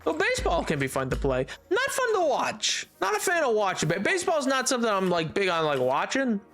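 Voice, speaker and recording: This streamer's high, slightly bright voice swings widely in pitch and runs fast over soft background music. Headphones on while gaming, he chats casually with viewers, rambling with frequent stammers and restarts.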